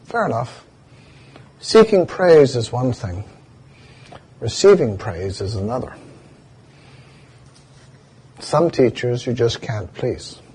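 A man giving a dharma talk as a meditation teacher, telling stories and slowly spelling out Sanskrit chant words. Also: medium pitch, animated, a little mellow, slightly rough.

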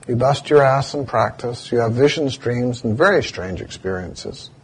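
A man giving a dharma talk as a meditation teacher, telling stories and slowly spelling out Sanskrit chant words. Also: mid-range voice, lively intonation, husky.

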